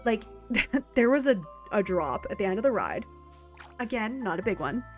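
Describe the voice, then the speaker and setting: A woman talks at an easy, mid-range pitch while streaming a farming game. Her casual chat wanders from one thought to the next, full of fillers and small asides. Faint game music plays quietly underneath. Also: very animated. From Canada. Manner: rambling and chatty, with filler words and quick laughs.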